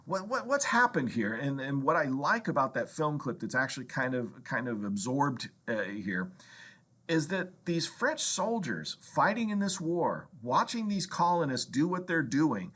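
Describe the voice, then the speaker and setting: A man lecturing on history to a college class, his voice husky and neither high nor low. He talks with animated emphasis, often checking in with "right?" and stumbling over repeated words as he builds his points. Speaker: history professor.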